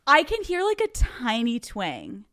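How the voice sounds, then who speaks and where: A woman's voice: a little high, huge pitch swings, a little slow, fairly bright tone. A young woman from outside Philadelphia hosting a podcast, talking in a chatty, casual way and laughing often. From near Philadelphia, USA. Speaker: podcast host. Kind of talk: casual interview chat.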